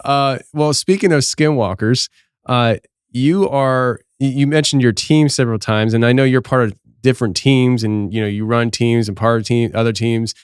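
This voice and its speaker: A man's voice: medium pitch, smooth, no echo, studio quality. A man hosting a podcast interview, asking long rambling questions with many restarts. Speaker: podcast host. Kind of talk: casual interview.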